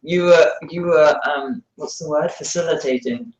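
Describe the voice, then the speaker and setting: A man's voice: fairly high pitch, moderate pace, lo-fi sound, slight background noise. London man, musician guest, teasing, playful, roomy echo. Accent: London English. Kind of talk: casual interview chat.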